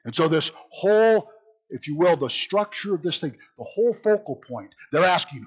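A man teaching an informal Bible study in an animated, joking way, often repeating words as he thinks. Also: high voice, normal speed, breathy edge, muffled recording.

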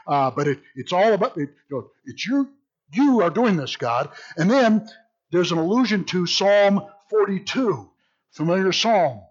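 A man teaching a Bible study in a lively, sardonic way, mixing read passages with his own wry asides. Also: high voice, moderate pace, husky. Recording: dull lo-fi recording.

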